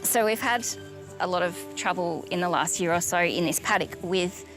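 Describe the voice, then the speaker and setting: A young Australian woman and goat breeder talking in a relaxed, matter-of-fact way outdoors on her farm. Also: lowish voice, moderate pace, over music, poor audio. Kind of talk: documentary interview on her farm. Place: outdoor farm paddock with goats.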